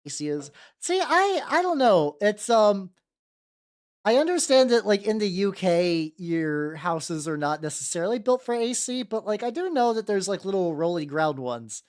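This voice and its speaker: This is a VTuber host chatting loosely on a livestream while painting miniatures. The talk wanders between topics, greets viewers one by one and throws in casual curses, all in a mid-range pitch. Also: very animated, moderate pace, darkish tone. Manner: rambling, greets chat by name, swears casually.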